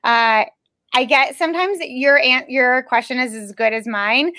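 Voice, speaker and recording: An Olympic speed skater, a woman with a high-pitched, sharp-toned voice, tells her personal story as a podcast guest. She speaks unhurriedly yet earnestly, emphatically and with determination, and there's no echo on the recording.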